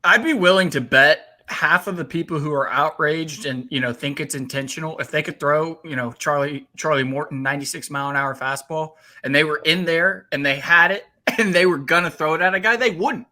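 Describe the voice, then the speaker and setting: A man's voice: a little high, a little fast, few pauses, sharp tone. A man co-hosting a sports talk show, blunt and dismissive in his points.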